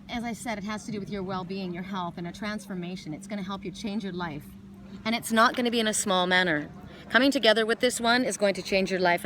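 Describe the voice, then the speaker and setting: A woman's voice: mid-range voice, fairly bright tone. Lady doing a chatty card reading outside by the water, rambly, lots of restarts, a little outdoor noise behind. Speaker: oracle card reader. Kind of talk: casual spiritual reading vlog outdoors. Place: outdoors by water in a wooded glen.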